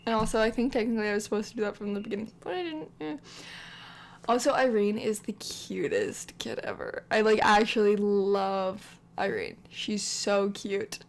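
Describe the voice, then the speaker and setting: A woman's voice: mid-range voice, expressive, normal speed. A woman hosting a game channel, narrating her life-sim story in a rambling, chatty way with lots of filler words. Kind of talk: casual let's-play commentary.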